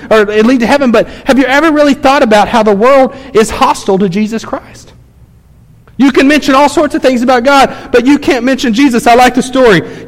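A male pastor preaching a sermon in a church, emphatic and conversational, telling stories to his congregation. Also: very high voice. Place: church sanctuary. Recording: long church hall reverb.

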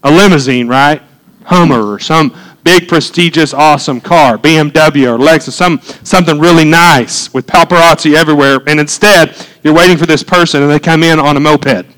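A man's voice: a little high, moderate pace, fairly bright tone, poor audio. A man preaching a conversational sermon as pastor, building to fervent emphasis.

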